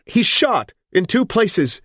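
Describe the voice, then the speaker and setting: A man's voice: medium pitch, very animated, normal speed, a little mellow, husky, no room sound, studio quality, pitched above the performer's own voice. A man voicing a frightened young woman taken hostage in an audiobook. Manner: pleading, fearful. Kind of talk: audiobook character voice.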